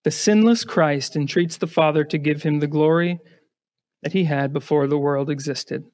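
A male pastor preaches an emphatic sermon, asking his congregation rhetorical questions and often repeating words as he starts a phrase. His voice is on the high side and a little mellow, at a moderate pace.

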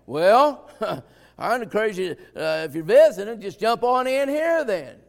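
Male preacher, high gravelly voice, folksy and emphatic, sermon in a reverberant church hall. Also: lively intonation, measured pace. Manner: folksy, emphatic, swings from quiet asides to shouted points.

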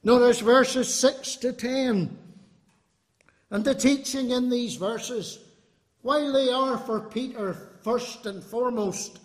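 A man preaching a fervent, emphatic sermon to a congregation. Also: high voice. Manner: fervent, emphatic, appealing to the listener. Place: congregation hall. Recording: long hall reverb.

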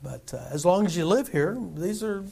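Middle-aged pastor preaching in a higher voice. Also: male voice, expressive, normal speed, creaky, darkish tone, slightly rough. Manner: conversational preaching with rhetorical questions to the congregation. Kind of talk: sermon. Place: church sanctuary.

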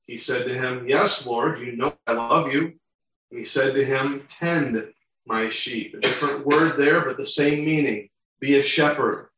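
A man's voice: mid-range voice, measured pace, fairly bright tone. A male pastor delivering a sermon, reading scripture aloud and explaining it verse by verse. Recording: very echoey room, mic far off.

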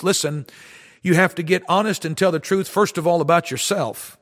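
A man's voice: sits high, normal speed, fairly bright tone, long reverb tail. A man preaching a fervent, emphatic sermon, quoting scripture. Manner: fervent, emphatic preaching with King James quotes. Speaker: street preacher.

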